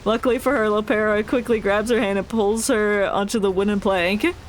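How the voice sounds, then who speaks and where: Streamer voicing game text live, jokey asides and laughs, mid-pitched. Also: fairly even intonation, a little fast, slight background noise. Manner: playful, laughing, joking asides. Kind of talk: reading game story aloud with live reactions.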